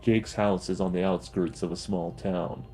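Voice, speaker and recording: A man narrating a horror story in a grim, steady storytelling manner. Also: low-pitched, moderate pace, soft background music, low-quality recording.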